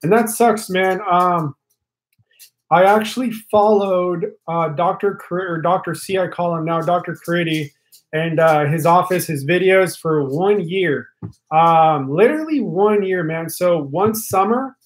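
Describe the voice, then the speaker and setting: A talkative young man chatting casually on a live stream, his voice sitting fairly high for a man. He rambles and restarts often, filling gaps with ums and uhs as he speaks to his viewers. His studio mic is held a little away from his face. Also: unhurried, rough recording. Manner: rambling with many fillers and restarts; talkative, addresses viewers directly.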